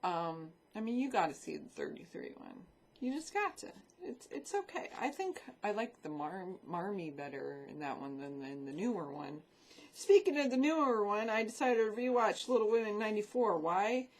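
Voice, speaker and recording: A woman's voice: mid-range voice, very animated, normal speed. A woman vlogging in a casual, rambling chat about films and shows she watched, swearing freely as she talks into a desk microphone.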